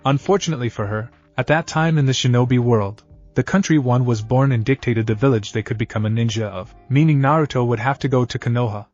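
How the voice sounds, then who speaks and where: A man giving a steady scripted narration of a fan-fiction story. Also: mid-range voice, quick pace. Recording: dull lo-fi audio. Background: faint background music.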